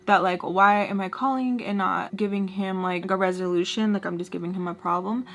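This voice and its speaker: A young woman vlogger telling a dramatic storytime while doing her makeup, chatty and animated, full of "like" and "y'all". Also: medium pitch, a little fast. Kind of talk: casual storytelling.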